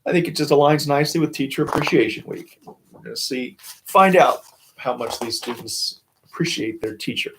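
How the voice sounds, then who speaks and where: A man's voice: fairly high pitch, a little hiss or hum, low-quality recording. A man from a school reading a picture book aloud on a livestream. He keeps breaking off to chat about the pictures and the class. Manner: chatty, with frequent asides and comments on the pictures. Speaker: school staff reading to students. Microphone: phone or camera for a livestream.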